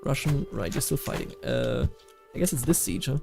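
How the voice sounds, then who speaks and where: A man's voice: medium pitch, lively intonation, moderate pace, gravelly, music in the background. A man from Bavaria giving casual commentary while playing a strategy game, rambling with many fillers and restarts. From Bavaria, Germany.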